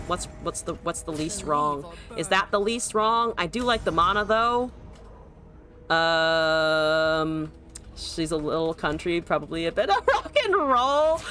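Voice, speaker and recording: Lively, bright-voiced woman streaming a game. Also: on the low side. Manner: chatty, swears, talks to her opponent, laughs often. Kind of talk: live gameplay commentary.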